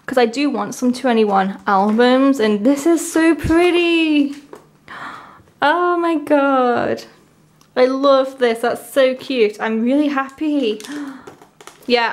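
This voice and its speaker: A woman's voice: a little high, unhurried. A young woman from England chatting casually as she unboxes a haul, gushing and exclaiming often. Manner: gushing, repeatedly excited, lots of "oh my god".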